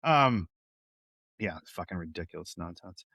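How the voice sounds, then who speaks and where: A man's voice: low-pitched, expressive, normal speed, vocal fry, pushed and bright, no echo, studio quality. A man co-hosting a podcast, recapping a TV episode in casual chat, sardonic and profane with heavy sighs. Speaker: podcast co-host.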